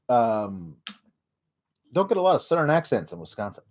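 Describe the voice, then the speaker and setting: Ranting sarcastically and rambling, the host of this comedic wrestling recap halts often with filler words. He has a slightly high, very animated voice.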